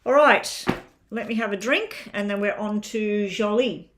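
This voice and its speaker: A woman's voice: mid-range voice, a little slow, noisy background. A woman with an Australian accent giving a live-stream tarot reading, chatting and thinking aloud as she lays out the cards. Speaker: tarot reader.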